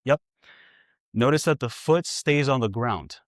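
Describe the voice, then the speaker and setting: A man's voice: mid-range voice, expressive, dry recording, clean studio sound. New York man coaching an exercise. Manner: brisk, repetitive coaching cues; chatty, joking asides to viewers. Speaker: physical therapist and coach. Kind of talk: hands-on exercise demonstration.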